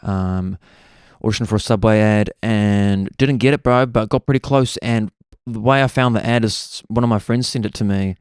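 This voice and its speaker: A young man with a New Zealand accent, hosting a podcast and telling stories in an excitable, casual way. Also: on the low side, normal speed, smooth, no echo, studio quality. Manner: excitable, says "bro" constantly. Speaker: podcast host. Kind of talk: casual storytelling chat.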